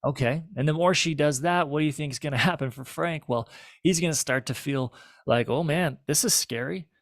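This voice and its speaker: A man's voice: fairly high pitch, fairly quick, no echo. Male therapist explaining relationship patterns, conversational and checking in with listeners, dry close recording. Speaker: marriage and family therapist. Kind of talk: explanatory teaching talk.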